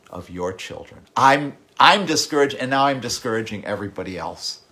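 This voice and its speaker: A middle-aged man preaching a sermon with passion, repeating words, swinging from loud outbursts to hushed, whispered lines. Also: fairly low pitch. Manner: impassioned, with repeated words and sudden drops to a hush. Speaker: pastor.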